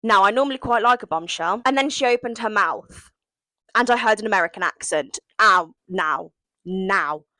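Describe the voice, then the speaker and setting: A woman's voice: mid-range voice, expressive, moderate pace, sharp tone, dry recording. A young woman recapping a reality show in a casual vlog, dramatic and sarcastic, full of mock outrage. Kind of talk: casual reaction commentary.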